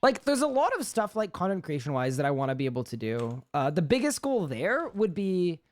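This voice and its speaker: A man's voice: sits high, sing-song, a little fast. A young man with a Canadian accent, chatting casually on a live gaming stream and answering chat questions.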